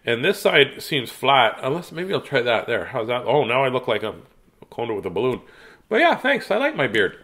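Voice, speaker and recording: A middle-aged man reads a children's book aloud in a chatty, jokey way. His voice moves a lot in pitch and stays lively throughout. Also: a little fast. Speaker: host reading children's books. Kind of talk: casual read-aloud to a live chat.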